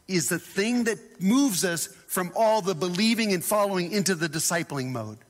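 A man preaching a sermon as a pastor, animated and dramatic, acting out scripture voices and dropping to hushed tones. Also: high-pitched, normal speed, hardly any pauses. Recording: long hall reverb.

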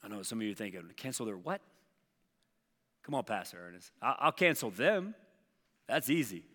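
A man's voice: on the low side, big pitch swings, quick pace, fairly bright tone, long reverb tail. A man preaching as a pastor in a conversational sermon, acting out objections and story lines.

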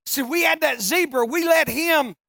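A preacher telling a funny story in a sermon, folksy and animated, now and then breaking into shouts. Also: sits high, normal speed, creaky, no room sound, clean studio sound.

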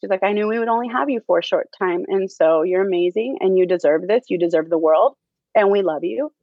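A woman, a theater teacher, talking casually in an interview, halting with many fillers and frequent laughs. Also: medium pitch, no echo, muffled recording.

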